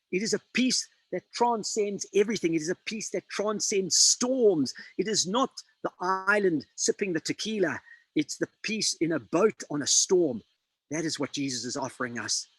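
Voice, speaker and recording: A man preaching a sermon, dramatic and emphatic, quoting scripture with slow pauses. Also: fairly high pitch, a bit bright, slightly rough, dry recording, rough recording.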